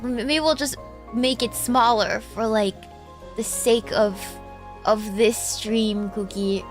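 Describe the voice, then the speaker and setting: Texan lady streamer, high voice, slow easy chatter, thanks donors. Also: fairly even intonation, faint music behind. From Texas. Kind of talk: casual chat with viewers.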